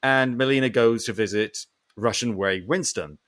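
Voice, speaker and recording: A man's voice: mid-range voice, moderate pace, a bit bright. A man hosting a podcast, ranting animatedly through a casual film review and swearing often. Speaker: podcast host.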